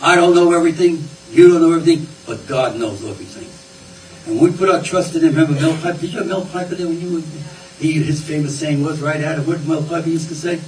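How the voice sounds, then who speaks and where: A man's voice: a little high, quick pace, a little hiss or hum. Folksy preacher man in a roomy hall. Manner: folksy, conversational, repeats words. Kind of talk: sermon. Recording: roomy, distant, faint ambience.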